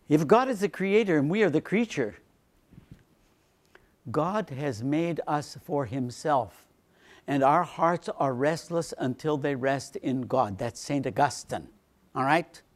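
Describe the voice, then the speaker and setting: Man, priest lecturing, lively swooping delivery, slightly higher voice, repeats lines for emphasis. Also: takes it slowly, long pauses. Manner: animated, swings between emphatic lines and quiet low asides. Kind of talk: seminar lecture on faith.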